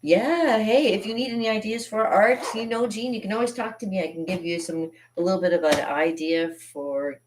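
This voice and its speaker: A woman's voice: mid-range voice, a little fast, few pauses, slight background noise. A woman artist hosting a live drawing stream, chatting casually and rambling with frequent laughs as she teaches.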